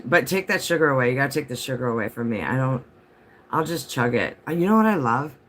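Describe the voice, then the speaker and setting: A man's voice: mid-range voice, big pitch swings, fast talker, fairly bright tone. A man chatting casually on a home livestream, rambling from topic to topic and answering viewer comments as they come in.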